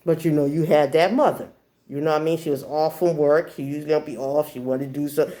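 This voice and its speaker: A woman in her forties from New Jersey telling a personal story in a casual way, acting out the people in it with sudden shrill outbursts. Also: quick pace. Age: 40s. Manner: animated, acts out voices in shrill outbursts.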